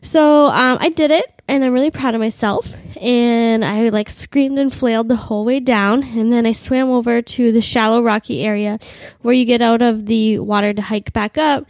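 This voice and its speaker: A woman's voice: a little high, steady tone, moderate pace, dry recording. A young woman in her twenties with a cold, crudely and self-mockingly telling a comic travel story with lots of "like.". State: has a cold. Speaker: podcast host.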